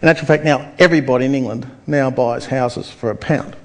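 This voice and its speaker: Australian male seminar speaker, energetic storyteller. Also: mid-range voice, a little fast. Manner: energetic, storytelling, questions to audience. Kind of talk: motivational seminar talk.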